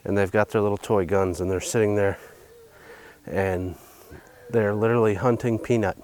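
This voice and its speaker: A man's voice: lowish voice, steady tone, normal speed, background noise. A man hosting a farm vlog, talking himself through fixing a tractor, profane and joking. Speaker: DIY farm vlog host. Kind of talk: casual narrated self-talk while working.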